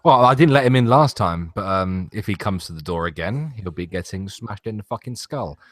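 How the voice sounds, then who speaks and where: A man's voice: on the low side, expressive, fairly quick, a bit bright, dry recording, clean studio sound. A British man on voice chat, brash and mocking in casual stream banter. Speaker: stream guest. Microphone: online voice chat.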